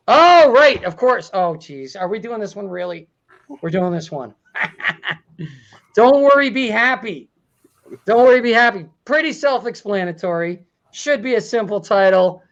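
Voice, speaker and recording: A man's voice: high voice, lo-fi sound. A man hosting a comedy talk show, joking and laughing through his running commentary.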